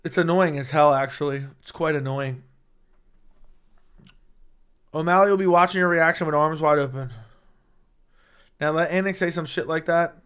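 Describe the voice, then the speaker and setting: A young man hosting a casual fight-talk livestream, excitable and rambling, swearing often, with a voice he says is going hoarse. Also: a little high, brisk. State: losing his voice. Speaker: MMA livestream host. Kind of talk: casual livestream chat reading chat.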